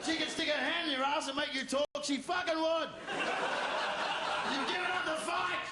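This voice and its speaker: A man's voice: very high-pitched, fairly even intonation, normal speed, heavy background noise. An Australian man doing a crude, mocking stand-up routine and teasing the crowd. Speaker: stand-up comedian. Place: comedy venue with live audience. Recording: echoey live venue, loud crowd laughter.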